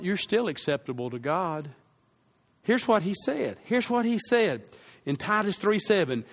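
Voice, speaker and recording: A male pastor preaches in a fairly high voice, slow and deliberate. He repeats key lines for emphasis and gets the congregation to echo phrases back to him.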